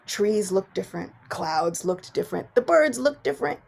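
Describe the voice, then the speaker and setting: Animated woman giving a devotional class. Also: medium pitch, moderate pace, gravelly. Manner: animated storytelling, swings between soft and loud. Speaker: class speaker. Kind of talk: devotional morning class talk.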